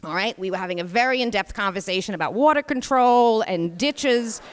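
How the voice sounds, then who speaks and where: A woman's voice: mid-range voice, expressive, a little fast, a little hiss or hum. A woman from New York with a New York accent, hosting and telling a comic story on a live stage with many chatty asides. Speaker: host and storyteller. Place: theater stage. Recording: reverberant live theater sound.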